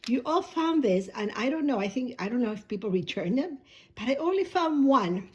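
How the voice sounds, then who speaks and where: Hoarse, chatty woman vlogger. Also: on the high side, sing-song, moderate pace, muffled recording. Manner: rambling, self-correcting, chatty. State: hoarse, coughing. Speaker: shoebox-packing vlogger. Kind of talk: casual unboxing chat.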